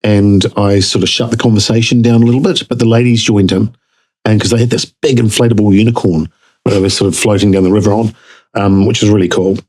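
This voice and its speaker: Kiwi guy, lowish voice, animated storytelling, goes way up in pitch doing other people's lines. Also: fast talker, rough recording. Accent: New Zealand. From New Zealand. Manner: animated, jumps up in pitch acting out dialogue. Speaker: guest. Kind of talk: casual storytelling.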